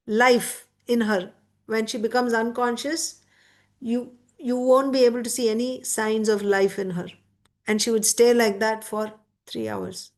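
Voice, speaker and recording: A woman giving a devotional scripture class, reciting verses and then explaining them word by word. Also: on the high side.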